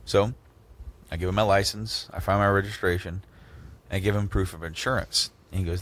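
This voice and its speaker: A man in his thirties hosts a casual podcast, telling stories in a low-pitched voice. He gets animated and acts out each person he quotes, his voice jumping up for the punchlines. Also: brisk. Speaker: podcast host. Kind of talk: casual storytelling chat.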